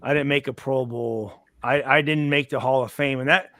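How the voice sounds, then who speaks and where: A man's voice: medium pitch, fairly even intonation, normal speed, a bit bright, no echo. Stammering man, dry close sound. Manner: blunt, profane, stammering restarts. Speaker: host, former football player. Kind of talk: casual chat.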